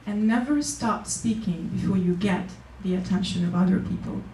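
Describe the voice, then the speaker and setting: Lively woman, echoey hall. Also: medium pitch, normal speed, distant mic, a little hiss or hum. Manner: lively, laughs often, acts out quoted people. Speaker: keynote speaker. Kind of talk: motivational public speech. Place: conference hall.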